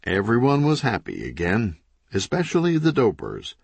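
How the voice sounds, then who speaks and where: A man reading a crime comedy audiobook in scripted narration with an animated, dry comic delivery. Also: mid-range voice, moderate pace, vocal fry, breathy edge, dry recording.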